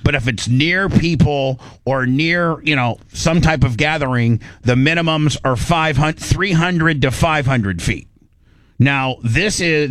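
A man hosting a radio talk show, telling a story in a casual, animated way and acting out the quoted dialogue. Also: on the high side, no echo.

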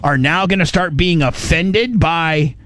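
A man's voice: fairly high pitch, unhurried, fairly bright tone. A man hosting a podcast, talking in casual commentary that rambles, with many restarts and repeated words, blunt and crude. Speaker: podcast host.

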